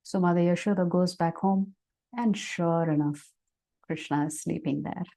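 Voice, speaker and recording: A woman speaker giving a devotional class on a video call, telling a sacred story in an animated way, then teaching reflectively. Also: lowish voice, moderate pace, gravelly. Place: online class session.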